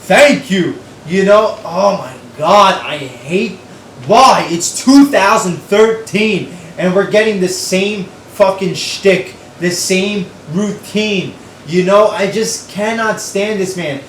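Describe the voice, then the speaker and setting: A man's voice: sits high, slow pace, a bit bright, reverberant, distant mic, slight background noise, rough recording. A young man giving a profane, exasperated, sarcastic recap of a wrestling show.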